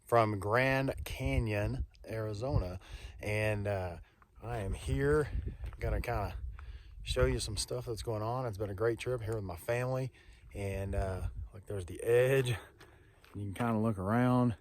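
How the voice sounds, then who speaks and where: A man's voice: fairly low pitch, a little slow, a little hiss or hum. A middle-aged man, talking in a friendly, rambling, folksy way in a casual vlog while outdoors on a canyon hiking trail. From Texas. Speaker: vlogger.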